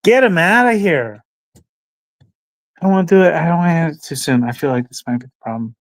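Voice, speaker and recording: This livestream host has a fairly high, animated voice and talks briskly, captured in a dry recording. He rambles and muses aloud on his casual stream, turning to talk to his dog between thoughts.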